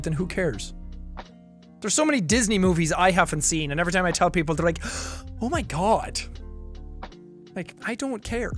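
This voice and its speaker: A young Irish man casually chatting on a livestream, reading viewer messages and laughing between quick remarks. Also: high-pitched, fairly bright tone. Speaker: streamer. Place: home recording room.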